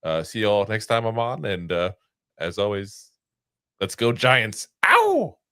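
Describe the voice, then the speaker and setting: A man on a podcast panel signing off in a friendly, halting way. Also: lowish voice, a bit bright, smooth, dry recording, studio quality. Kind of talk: casual sign-off.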